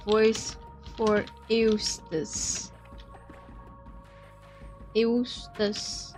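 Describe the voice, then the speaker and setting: A woman streamer, Portuguese her first language, reading a visual novel aloud and chatting with viewers in a chatty, giggly way. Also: on the high side. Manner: chatty, giggly, switches between reading and asides.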